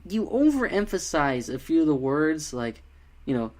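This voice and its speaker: A man's voice: on the high side, very animated, normal speed, a little mellow. A man giving a casual spoken review of a fan film, rambling and critical with many fillers.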